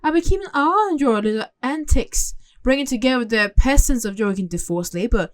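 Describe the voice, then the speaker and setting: A woman's voice: a little high, animated, brisk, close to an everyday voice. A woman voicing a haughty, scheming villainess in a horse-riding game, reading the dialogue aloud in close to her own voice. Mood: scornful.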